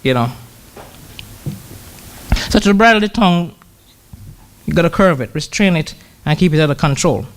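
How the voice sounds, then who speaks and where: A man giving a conversational sermon who pauses often, repeats words and slows down to read scripture. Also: on the high side, expressive, a little hiss or hum. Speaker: church brother preaching.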